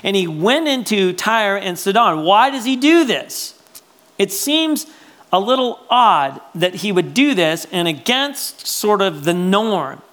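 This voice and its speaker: A high-pitched man takes his time delivering a sermon as a pastor. He speaks conversationally and with animation, often checking in with "right?", and swings between loud exclamations and quiet asides.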